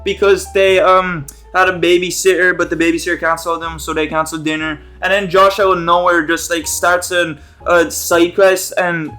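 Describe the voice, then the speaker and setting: A man with a notably high voice talking through a TV episode, loose and unscripted. He rambles and jokes as he goes, swears freely, and stops and restarts often. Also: flat delivery, normal speed, few pauses, pushed and bright, faint music behind. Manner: rambling, profane and jokey. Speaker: YouTube commentator. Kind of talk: casual TV episode commentary.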